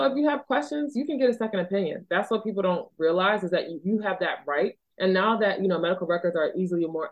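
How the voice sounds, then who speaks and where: A woman from Philadelphia, a doctor hosting a podcast, talking in an earnest, chatty way full of "like" and "you know.". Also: on the low side. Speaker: podcast host and OB-GYN doctor. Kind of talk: casual podcast chat.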